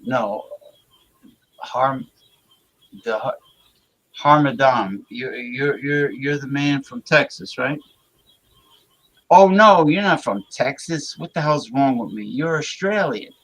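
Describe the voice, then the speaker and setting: A man's voice: medium pitch, takes it slowly, long pauses, fairly bright tone, low-quality recording. A man hosting a livestream, chatting casually and reading viewer comments aloud, crude and rambling, often stammering and repeating words. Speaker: livestream host.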